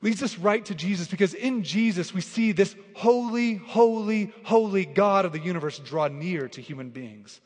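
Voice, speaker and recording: A man's voice: high voice, expressive, moderate pace, hardly any pauses. Earnest preacher man in a reverberant hall. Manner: earnest and conversational, often says "like"; builds to emphatic, repeated declarations. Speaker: pastor. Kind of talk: sermon.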